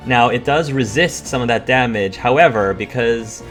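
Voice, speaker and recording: A man running a tabletop role-playing game as game master, narrating in an unhurried storytelling way with many fillers. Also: mid-range voice, fairly bright tone, faint music behind.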